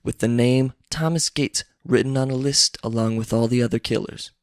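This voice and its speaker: A man's voice: medium pitch, steady tone, moderate pace, no echo, clean studio sound, close to an everyday voice. A man reading a screenplay aloud, voicing a smug man who politely but pointedly challenges a family's reputation.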